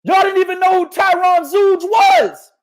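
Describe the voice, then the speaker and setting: A man hosting a boxing podcast who rants loudly and swears constantly. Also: very high voice, measured pace, gravelly. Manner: loud, profane, ranting. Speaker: podcast host. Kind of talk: boxing commentary rant.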